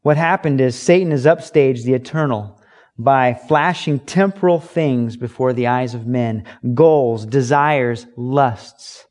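A man's voice: mid-range voice, slow pace, a little mellow. A man preaching an earnest, emphatic sermon, teaching from scripture with rhetorical questions. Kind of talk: sermon, Bible study teaching.

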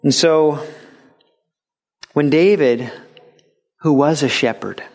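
A man's voice: a little high, slow, darkish tone. A middle-aged man preaching a sermon as a pastor, talking conversationally and stressing points emphatically.

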